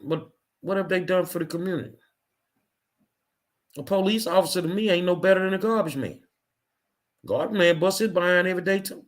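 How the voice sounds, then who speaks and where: A middle-aged man hosts his own show and rants with real anger. He hammers his points home through blunt repetition. His voice sits a little high. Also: brisk, pauses often. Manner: angry, ranting, emphatic repetition. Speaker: show host. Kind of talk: impassioned monologue.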